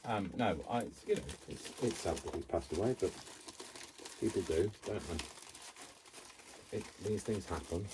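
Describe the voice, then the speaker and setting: Deep-voiced rambling man crafting. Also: expressive, unhurried, long pauses, background noise. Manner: rambling, self-mocking, talks to himself while working. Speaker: craft vlogger. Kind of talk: chatty crafting vlog. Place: craft room at home.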